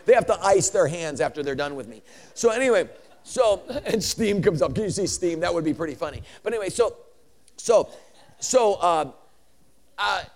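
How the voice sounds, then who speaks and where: High, animated man preaching. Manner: animated, swings from shouting to hushed; laughs between points. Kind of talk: sermon.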